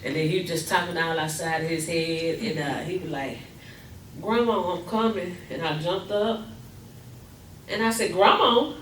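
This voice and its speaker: A woman's voice: normal speed, a little hiss or hum. An older woman, telling a family story and animatedly acting out the voices she quotes. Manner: animated, acts out quotes with big pitch jumps, laughs often. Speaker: grandmother sharing testimony. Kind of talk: casual storytelling testimony. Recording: echoey room, recorded from far off.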